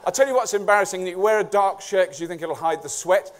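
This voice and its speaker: A middle-aged man from England speaks at a conference in a high voice, swearing freely and cracking sarcastic jokes. His talk is a loose, comic rant on stage. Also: fast talker, a little hiss or hum.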